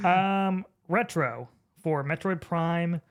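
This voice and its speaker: A man co-hosting a casual gaming chat in a dry, laid-back way. He offers understated opinions without much fuss. His voice sits a little higher than most men's. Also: extremely slow. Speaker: podcast co-host.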